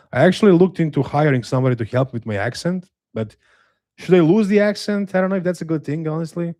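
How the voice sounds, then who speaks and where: A man's voice: mid-range voice, dry recording. Slavic accent guy on a livestream reading chat, dry humor, stops and restarts a lot, close dry mic. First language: a Slavic language. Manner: relaxed, self-deprecating, hesitant with restarts and dry humor. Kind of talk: casual live watch-along chat.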